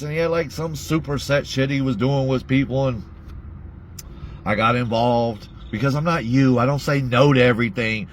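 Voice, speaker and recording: A man's voice: medium pitch, moderate pace. A man ranting bluntly to his audience in a heated monologue, swearing constantly. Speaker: vlogger.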